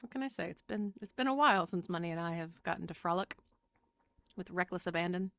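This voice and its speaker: A woman with a Southern US accent hosts a spiritual channel, chatting to camera in a rambling way and laughing often while sounding sick and exhausted. Her voice is fairly low, a little fast and a bit bright, with no room sound.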